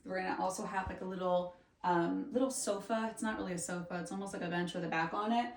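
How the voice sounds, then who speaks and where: A woman's voice: lowish voice, fairly even intonation, fast, vocal fry, slight background noise. A young woman working as an interior designer, narrating a casual home renovation vlog indoors in a chatty, upbeat way full of fillers. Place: house under renovation, indoors.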